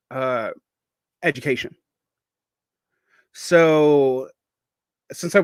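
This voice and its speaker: Guy around 40 w/ a faint southern accent, r's l's and w's blur together, rambles and restarts a lot, kinda high voice. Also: a bit bright, no echo. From Southern United States. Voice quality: speech impediment blurring r, l and w sounds. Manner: rambling and digressive, with many restarts. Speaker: vlogger. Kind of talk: casual monologue.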